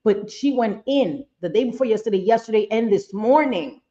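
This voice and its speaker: A woman hosting a livestream who rants in anger and circles back to the same phrases again and again. Her voice is mellow and dark, and the sound is dull and lo-fi. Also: a little high, lively intonation, moderate pace. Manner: angry, ranting, repeats herself. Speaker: livestream host. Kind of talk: casual livestream commentary.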